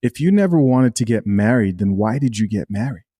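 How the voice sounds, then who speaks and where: A man's voice: fairly low pitch, lively intonation, brisk, dark tone. A man giving blunt, opinionated commentary as he reacts to a video and talks back to it.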